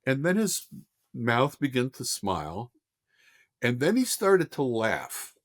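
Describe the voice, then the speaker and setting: An older man, a film director guest on a podcast, telling a lively story and acting out voices. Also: mid-range voice, slow pace. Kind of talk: casual anecdote telling.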